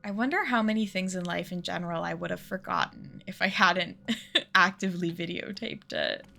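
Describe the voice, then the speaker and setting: A woman streamer chatting casually while she plays a game, talkative and self-mocking and quick to laugh. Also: fairly low pitch, gravelly, pushed and bright, slight background noise. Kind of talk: casual live-stream chat while gaming.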